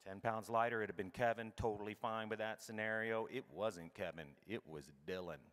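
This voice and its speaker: Middle-aged male keynote speaker, comedic storyteller, bright and punchy, big hall echo. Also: on the low side, fairly quick. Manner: animated and irreverent, acts out his own thoughts. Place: large conference hall. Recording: long hall reverb.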